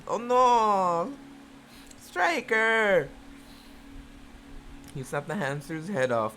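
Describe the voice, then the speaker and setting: A host reading fan fiction aloud in a casual reaction video, moving between slow, even reading and loud, shocked, swearing outbursts. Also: mid-range voice, slight background noise.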